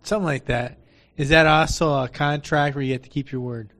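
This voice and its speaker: A man's voice: a little high, fairly even intonation, brisk, fairly bright tone. A man at a Bible study, asking the group questions, rambling and searching for examples as he goes.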